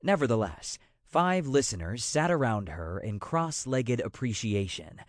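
A male audiobook narrator reads slowly and deliberately, with a voice of middle pitch that swings expressively up and down. The recording is dry and close-miked, with no room sound. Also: no room sound. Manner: measured, expressive storytelling.

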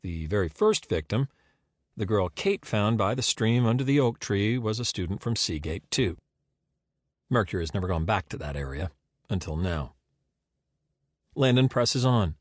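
A man reads the narration of a crime novel in a measured, storytelling manner. His pitch moves freely and expressively. The recording is close and entirely dry. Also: big pitch swings, no room sound. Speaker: audiobook narrator. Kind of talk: scripted narration.

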